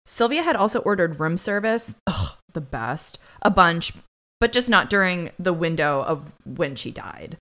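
A woman's voice: lowish voice, sing-song, measured pace, a bit bright. A woman co-hosting a podcast, casually recapping a TV episode with sarcastic asides. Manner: chatty, sarcastic asides while retelling the plot. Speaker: podcast co-host.

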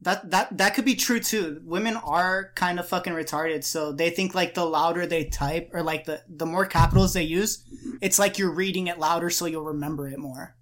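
A man's voice: on the high side, fairly even intonation, moderate pace, fairly bright tone. A man hosting a casual podcast, talking in an offhand, hesitant way with crude jokes. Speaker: podcast host.

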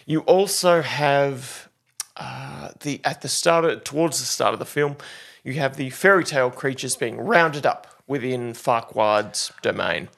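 A man's voice: medium pitch, a little slow, vocal fry, a bit bright. A man co-hosting a casual film podcast, enthusiastically retelling scenes he loves. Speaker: podcast co-host. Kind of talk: casual film review chat.

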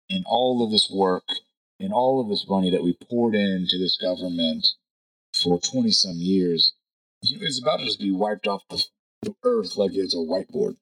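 Deep-voiced man musing aloud. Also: a bit bright, poor audio. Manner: rambling, thinks aloud with frequent "you know" and "right?". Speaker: podcast host. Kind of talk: casual opinion monologue.

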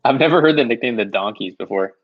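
A man's voice: mid-range voice, expressive, quick pace. A man co-hosting a podcast, chatting in an easygoing way about football bets. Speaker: podcast co-host. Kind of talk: casual sports betting chat. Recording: dull, dry lo-fi mic.

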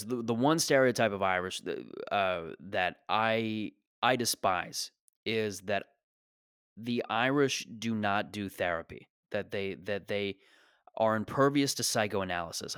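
A young man with a lowish voice rants through a comedy bit. He sounds exasperated, swears freely and pokes fun at himself. The sound is dry and close, with no room around it. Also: a bit bright, clear, resonant tone, no echo. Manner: exasperated ranting, profane, self-deprecating. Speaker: stand-up comedian. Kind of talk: stand-up rant.

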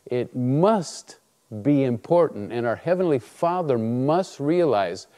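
Male preacher with a warm, mellow voice who tells stories in a sermon and acts out the dialogue. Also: medium pitch, slow. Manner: animated storytelling, acts out dialogue. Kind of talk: sermon with personal story.

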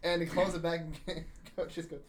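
A young man on a podcast telling a story in casual chat, animated, swearing freely and laughing through it. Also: fairly high pitch, moderate pace. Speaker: podcast co-host.

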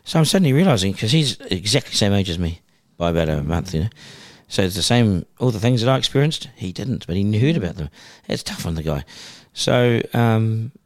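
A middle-aged man with a New Zealand accent spins stories in a casual podcast chat. His voice sits low but leaps about with animated energy, and he keeps dropping in "you know" and "bro". The sound is dry and close, with no room echo. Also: a little fast, hardly any pauses. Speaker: podcast guest, broadcaster.

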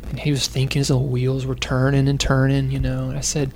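A man's voice: mid-range voice, completely flat delivery, fast, a little mellow, slight background noise. A man telling a parenting story, acting out quotes and often laughing, in a casual conversation. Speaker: parent sharing advice. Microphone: close to the microphone.

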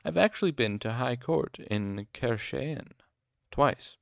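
A man's voice: medium pitch, animated, slow, vocal fry, no room sound, clean studio sound, pitched above the performer's own voice. A man reading an audiobook, voicing a haughty, condescending rich young nobleman student. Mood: smug. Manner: smug, clipped and condescending.

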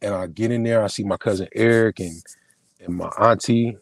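A low-voiced man with a husky, slightly rough tone tells a heavy personal story in casual talk. He rambles and restarts often, leaning on slang. The sound is dry and close. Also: steady tone, moderate pace, dry recording. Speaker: podcast guest, film producer and screenwriter. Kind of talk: emotional storytelling in casual conversation.

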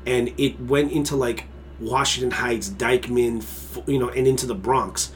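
A man's voice: medium pitch, fairly even intonation, moderate pace. Profane, heated male podcast host. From Mexican heritage. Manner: heated, profane, emphatic ranting. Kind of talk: casual conversational podcast.

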